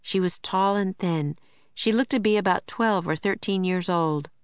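A woman narrating a children's book in clear, even storytelling. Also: mid-range voice, normal speed, no echo. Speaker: audiobook narrator. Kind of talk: scripted narration.

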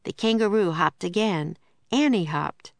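A woman reading a children's book aloud in a clear, steady storytelling voice. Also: medium pitch, measured pace, dry recording. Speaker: narrator.

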